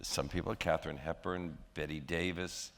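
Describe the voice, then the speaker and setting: Deep-voiced male interviewer. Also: fairly even intonation, gravelly, a bit bright. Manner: brisk, prompting questions. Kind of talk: stage interview. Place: stage at an evening event.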